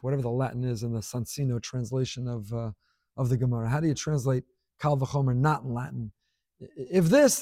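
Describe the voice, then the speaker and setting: A man's voice: mid-range voice, darkish tone, no room sound, clean studio sound. A man giving a Torah class, teaching expressively with rhetorical questions and scattered Hebrew and Yiddish terms.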